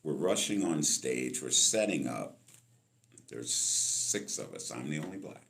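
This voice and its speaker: A man in his sixties from Los Angeles, a musician telling stories from his life as a guest in an interview, animated and acting out the people in them. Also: extremely low pitch, a little slow, creaky. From Los Angeles, California. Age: 60s. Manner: animated storyteller, acts out voices in his anecdotes. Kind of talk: storytelling interview.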